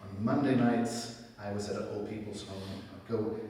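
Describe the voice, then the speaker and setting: A middle-aged man tells a personal story in an easy, chatty way, slipping into quoted asides. His voice sits low and carries a long, booming reverb from a large hall. He sounds set back from the microphone. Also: moderate pace, a little hiss or hum. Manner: conversational storytelling, quotes himself in lively asides. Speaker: speaker at a spiritual center. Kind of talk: personal testimony talk. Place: large hall at a spiritual center. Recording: echoey hall, mic from far off.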